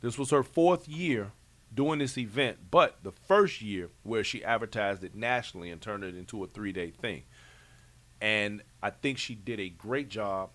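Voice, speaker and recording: A man's voice: lowish voice, moderate pace. Laid-back man hosting. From Chicago. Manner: relaxed, emphatic, slangy Chicago talk. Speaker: show host. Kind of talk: casual recap chat.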